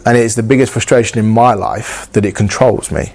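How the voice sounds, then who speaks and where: Earnest low-voiced man preaching. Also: a little fast, darkish tone. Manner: earnest, repetitive, conversational preaching with acted-out inner dialogue. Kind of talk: sermon.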